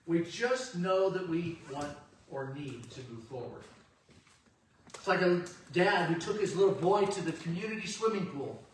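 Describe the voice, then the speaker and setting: A man's voice: high-pitched, a little hiss or hum. A male pastor preaching a sermon in a conversational, storytelling way in a church sanctuary. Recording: echoey church hall, distant mic.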